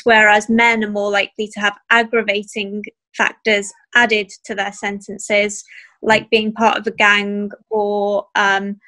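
A woman speaking in a measured, hesitant way, with frequent pauses and ums, as a guest in a casual panel discussion. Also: mid-range voice, sharp tone.

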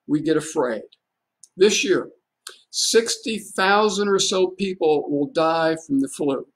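A male pastor giving a livestreamed sermon, telling a story in a conversational, folksy way full of rhetorical questions. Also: sits high.

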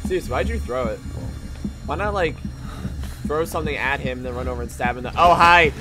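Excitable, jokey let's play guy. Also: medium pitch, fairly quick. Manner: excitable, jokey, talks back at the game. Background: game music and sounds.

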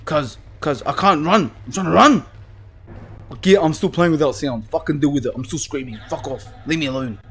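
A young man playing a horror game, swearing and panicking as he yells at the screen. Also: a little high, brisk, husky, soft background music. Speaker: gaming YouTuber. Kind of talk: horror game let's play.

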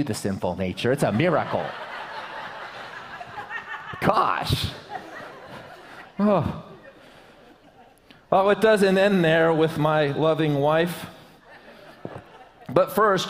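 A man's voice: sits high, in a large hall. A man preaching a sermon to his church, in a joking, conversational way. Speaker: pastor. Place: church sanctuary.

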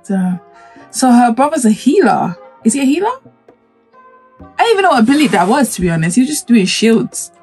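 A woman with a husky voice, talking casually in a gaming reaction vlog and breaking into excited exclamations before rambling on. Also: fairly high pitch, fairly quick, faint music behind. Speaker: gaming YouTuber.

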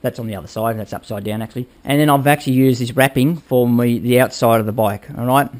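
A man's voice: medium pitch, fast talker. Chatty man explaining his bike build. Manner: rambling, hands-on, addresses viewers with "all right?". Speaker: motorbike build vlogger. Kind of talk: casual workshop how-to talk.

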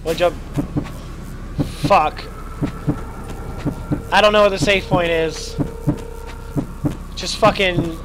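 A man doing casual let's play commentary, excitable, joking and swearing a lot. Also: high voice, slow pace, long pauses, heavy background noise. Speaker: gamer.

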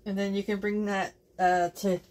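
A woman's voice: medium pitch, flat delivery, normal speed, a little mellow. A woman hosting a casual home vlog at a cottage, chatting straight to her viewers. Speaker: vlogger. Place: family cottage. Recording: noisy home video recording.

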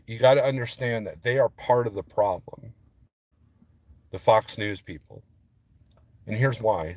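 A man's voice: medium pitch, darkish tone, dry recording. A man vlogging as a trucker, rambling casually to his viewers and getting worked up as he talks. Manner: rambling, restarts often, gets heated.

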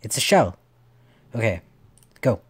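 Slow-talking man playing a puzzle game. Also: fairly low pitch, very animated, faint music behind. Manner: playful, swears casually, talks to game characters. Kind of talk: let's play commentary.

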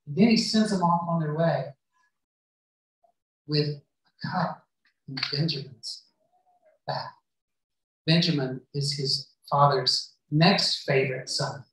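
A man's voice: a little high, takes it slowly, long pauses. A man preaching a sermon, retelling a Bible story and acting out what the characters say. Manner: storytelling, acts out the characters' lines. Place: church hall. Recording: very echoey hall, voice far from mic.

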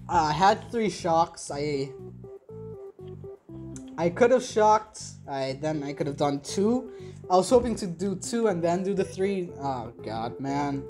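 A young woman giving excitable, self-deprecating commentary while playing a video game on a headset mic. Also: fairly low pitch, a little slow, soft background music. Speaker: gaming channel host. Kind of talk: let's play commentary.

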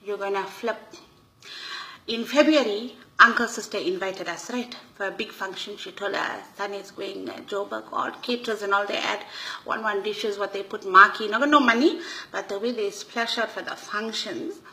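A woman with a Durban South African Indian English accent, telling a comic monologue as a nosy auntie. Her voice is bright and forward, full of gossipy indignation in broken English. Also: mid-range voice, normal speed, low-quality recording. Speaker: comedic storyteller.

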